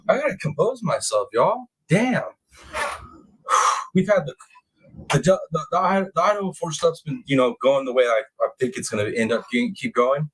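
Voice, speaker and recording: A man hosting a casual true crime livestream, reading chat comments aloud and bursting into excited, high-pitched exclamations. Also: unhurried, long pauses, breathy edge, low-quality recording. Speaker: livestream host.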